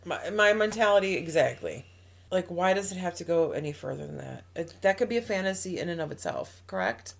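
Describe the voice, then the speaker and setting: A woman's voice: lowish voice, very animated, fairly quick, vocal fry. A woman co-hosting an advice podcast in casual chat, talking emphatically with trailing restarts and acted-out quotes. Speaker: podcast co-host.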